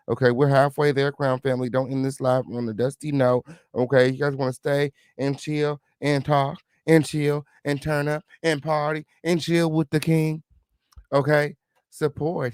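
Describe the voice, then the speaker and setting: A man's voice: mid-range voice, a little mellow, clean tone, dry recording, studio quality. A man hosting a live stream, chatting casually with viewers and reading comments, sassy and heated, swearing freely.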